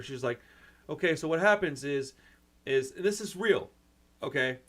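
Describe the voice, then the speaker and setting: A man's voice: a little high, lively intonation, moderate pace, pauses often, fairly bright tone. A man who hosts his own channel and runs a record store, talking in a rambling, frustrated way, close to tears. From United States. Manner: rambling, frustrated, swears mildly, says "man" and "dude" often. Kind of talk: emotional personal rant to camera.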